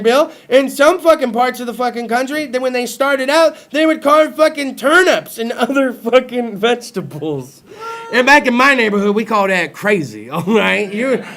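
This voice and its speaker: Foul-mouthed young dude doing a rowdy talk show bit, high and raspy. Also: male voice, a bit bright. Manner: profane, rowdy, teasing his co-host. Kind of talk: crude comedic talk show monologue.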